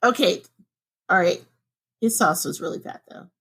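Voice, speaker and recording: A woman's voice: normal speed, vocal fry, husky. A woman co-hosting a podcast from home, chatting casually and laughing often. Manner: chatty and laughs often, with lively swings up in pitch. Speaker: podcast co-host.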